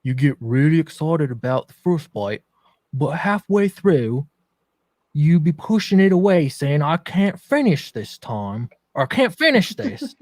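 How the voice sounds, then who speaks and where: A man voicing a deep-voiced fatherly man who gives life advice in a slow, mock-serious way. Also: sing-song, darkish tone, dry recording. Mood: mock-wise. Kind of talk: joking put-on voice on a live stream.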